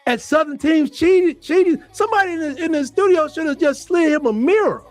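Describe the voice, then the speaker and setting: A man hosting a sports talk show, delivering a heated, animated rant with lots of repeated emphasis. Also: extremely high pitch, brisk, faint music behind. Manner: fired-up, animated, repetitive emphasis.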